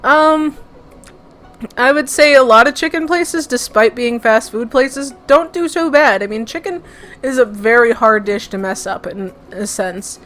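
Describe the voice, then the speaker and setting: A young Brooklyn woman with a Brooklyn accent chats and reads her way through a game, giggly and rambling, with lots of fillers. Her voice sits fairly high, and she takes her time, with faint music playing behind her. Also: a little slow, fairly bright tone. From Brooklyn, New York. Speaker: let's play host. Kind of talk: casual game commentary and reading aloud.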